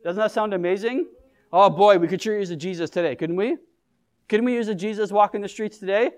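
A man's voice: high-pitched, fairly quick. A man preaching a conversational sermon as pastor, often asking the congregation questions and joking with them. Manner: engages the congregation with questions and humor.

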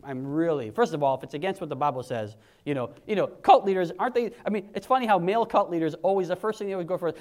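This fast-talking man in his forties preaches with hardly any pauses in a high-pitched voice. He keeps it conversational and animated, voicing quotes in hushed and raised tones.

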